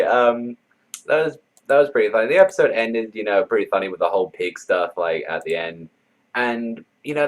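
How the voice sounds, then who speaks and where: A man's voice: fairly low pitch, low-quality recording. A man giving a casual, rambling anime episode review, full of fillers like "you know" and "like" and loose swearing.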